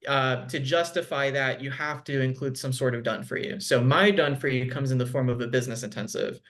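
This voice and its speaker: A man's voice: medium pitch, fairly even intonation, fairly quick, a bit bright. A man speaking over a video call as a guest consultant. He talks loosely and conversationally, with plenty of "like" and "um" as he explains things. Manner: conversational, frequent "like" and "um". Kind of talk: casual video call chat.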